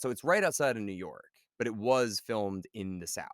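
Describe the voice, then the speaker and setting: A man's voice: on the low side, animated, normal speed, fairly bright tone, no echo, clean studio sound. A man co-hosting a podcast, chatting eagerly about a film and saying "dude" often. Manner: enthusiastic, says "dude" a lot. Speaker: podcast co-host. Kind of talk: casual chat about a film.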